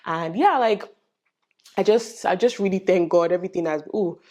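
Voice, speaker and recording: Animated Nigerian woman vlogging. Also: lowish voice, moderate pace. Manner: animated storytelling with lively quoted voices and Pidgin asides. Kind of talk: casual vlog chat.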